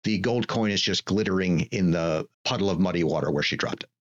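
A man runs a tabletop role-playing game as game master. He describes scenes in a measured, descriptive way, with small hesitations. His voice sits low, and the recording has a slightly dull, lo-fi sound.

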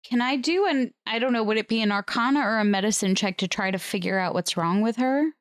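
A woman playing a tabletop game, speaking in a higher voice. She asks halting questions and restarts her sentences. The sound is close and dry. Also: clear, resonant tone, no echo. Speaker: player. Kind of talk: casual tabletop play.

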